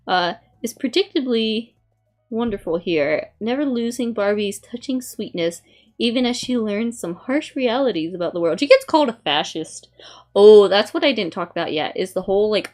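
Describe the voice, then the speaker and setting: A woman's voice: mid-range voice, expressive, normal speed. Give me a young woman streamer chatting casually and rambling, with faint background music. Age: young adult. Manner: rambling, many "like" fillers, reads aloud from a review. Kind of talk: casual chat.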